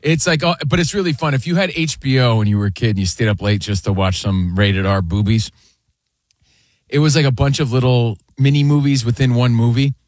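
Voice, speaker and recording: A man's voice: mid-range voice, brisk, darkish tone, no echo. A man co-hosting a sports radio show, laughing easily and pushing back with stats. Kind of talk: casual sports talk.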